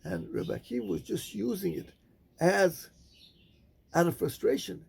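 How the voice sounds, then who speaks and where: A male rabbi giving a sermon, telling a story with measured, dramatic pauses. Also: sits high, very animated, creaky, breathy edge.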